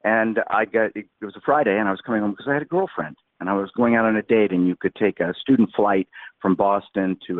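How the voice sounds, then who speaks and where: His lowish voice comes through a tinny phone line with no room sound. He's a man in his sixties guesting on a podcast, rambling through a long, colorful anecdote and acting out what people said.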